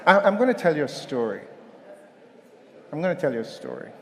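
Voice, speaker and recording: Animated man giving a keynote. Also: a little high, fairly quick, in a large hall, a little hiss or hum. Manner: animated, storytelling, calls on the audience. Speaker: keynote speaker. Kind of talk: motivational conference talk. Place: hotel conference hall.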